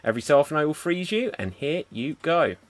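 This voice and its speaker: A man hosting an improv show, setting up scenes in a brisk, cheerful way over a video call. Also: on the high side, very animated. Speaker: improv host.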